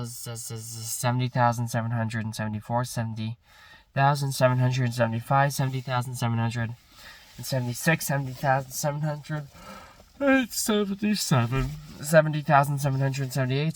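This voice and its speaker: A man rattles through long numbers at a rapid clip, stumbling now and then and correcting himself. His voice sits at an ordinary middle pitch and sounds a little distant from the microphone. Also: flat delivery. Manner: rapid rote counting with slips, self-corrections and bursts of swearing frustration. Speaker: streamer counting aloud. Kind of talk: long monotonous counting stream.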